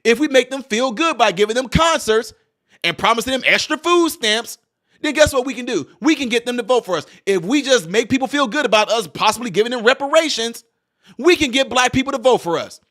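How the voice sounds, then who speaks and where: A man's voice: very high voice, animated, brisk, a bit bright. A man giving a preachy commentary monologue full of rhetorical questions. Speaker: political commentator. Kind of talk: animated monologue.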